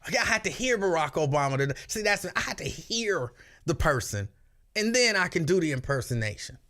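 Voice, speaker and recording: Radio host man, chatty storyteller, voice a bit on the high side. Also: normal speed. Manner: animated storyteller, breaks into shrill yelling impressions. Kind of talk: casual chat.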